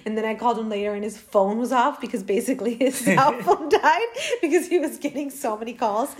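A woman's voice: on the high side, brisk. A woman in her thirties co-hosting a podcast, chatting casually and laughing often as she tells stories. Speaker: podcast co-host. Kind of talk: casual chat, storytelling.

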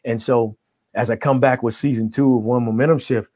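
A middle-aged man and life coach, talking in an energetic motivational style and tagging his points with "right?". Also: mid-range voice, a little fast, dry recording. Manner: energetic, tags nearly every point with "right?". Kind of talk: motivational conversation.

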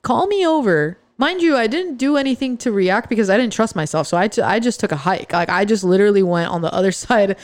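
A woman's voice: mid-range voice, animated, fast, hardly any pauses, no echo. A woman hosting a podcast, telling a personal story in a chatty, joking way that often breaks off mid-sentence. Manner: chatty, joking, self-interrupting. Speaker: podcast host.

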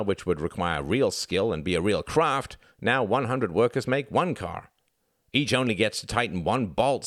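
A man's voice: fairly low pitch, a bit bright, no room sound, studio quality. A man voicing a condescending young male student who lectures confidently on Marxism.

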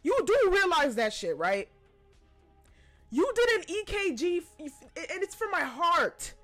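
A woman's voice: extremely high pitch, very animated, unhurried, fairly bright tone, soft background music. A woman in her twenties telling a personal story in a casual, profane, exasperated way. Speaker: podcast host.

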